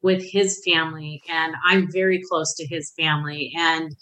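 Her voice sits low and steady, pushed and bright, at a moderate pace, over a low-quality recording with a bit of hiss or hum. A middle-aged woman on a podcast, she candidly tells her recovery story and acts out the voices she cites.

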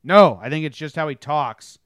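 Rambling podcast co-host, dry close mic. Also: male voice, a little high, lively intonation, moderate pace, fairly bright tone, smooth, no room sound. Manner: rambling, self-interrupting. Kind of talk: casual sports chat.

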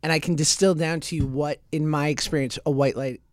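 A man in a casual podcast chat, telling a personal story with lots of fillers and a frank, relaxed manner. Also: on the high side, fairly quick. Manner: candid storyteller, many fillers.

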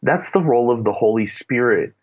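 A man's voice: medium pitch, animated, brisk, slightly rough. Earnest man on narrow phone-like audio. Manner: earnest, rambling with fillers. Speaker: Christian parenting guest. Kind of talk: casual faith-based parenting chat. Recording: phone-like narrow radio sound.

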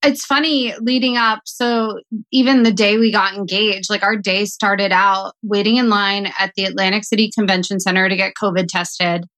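A woman hosting a casual podcast chat, gushing and excitable, swearing freely. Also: medium pitch, normal speed.

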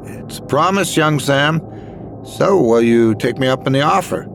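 A man voicing a sly, eccentric older gentleman with a Scottish accent, who talks in a theatrical, old-fashioned way. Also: mid-range voice, lively intonation, unhurried, creaky, noisy background. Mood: grand.

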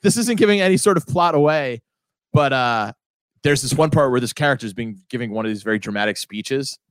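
A man's voice: mid-range voice, a bit bright, no echo, studio quality. A man co-hosting a podcast in casual chat, rambling and laughing often. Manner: rambling, laughs often, slips into silly quoted voices. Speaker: podcast co-host.

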